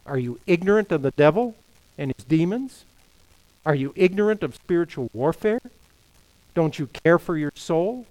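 A man's voice: on the high side, expressive, normal speed, a little mellow, low-quality recording. A middle-aged man preaching a sermon as pastor, emphatic, firing off rhetorical questions and quoting scripture.

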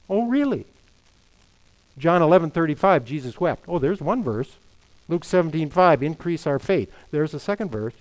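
A middle-aged pastor with a somewhat high voice preaches a sermon, emphatically firing off rhetorical questions and quoting scripture. The audio quality is poor.

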